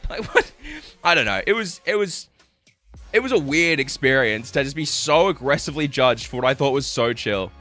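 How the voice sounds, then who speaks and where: Young male streamer, lively, bright voice, casual storyteller who swears. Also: medium pitch, moderate pace, soft background music. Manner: animated, swearing, laughing while telling stories. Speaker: livestreamer.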